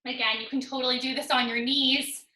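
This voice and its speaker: Female fitness instructor, high and very bright, upbeat countdowns, a bit winded, echoey room. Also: fairly even intonation, brisk. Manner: upbeat coaching, counting down reps, joking asides. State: out of breath. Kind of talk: live online workout class instruction. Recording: roomy echo.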